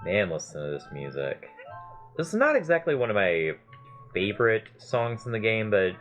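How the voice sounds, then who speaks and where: A man narrates his own gameplay in an excitable, gushing way, dropping casual curses. His pitch swings widely as he reacts. Faint game music plays behind him. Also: moderate pace. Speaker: let's play host. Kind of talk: game commentary.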